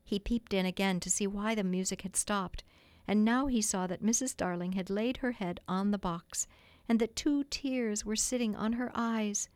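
A woman reads a classic children's story in a gentle, measured way. Her voice sits mid-range, and the recording is dry and close. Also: mid-range voice, smooth, no room sound. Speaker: audiobook reader. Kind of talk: storybook narration.

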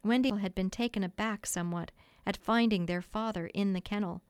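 A woman reads a classic children's story in a gentle, measured way. Her voice sits mid-range, and the recording is dry and close. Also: mid-range voice, clean tone, no echo. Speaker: audiobook reader. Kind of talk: storybook narration.

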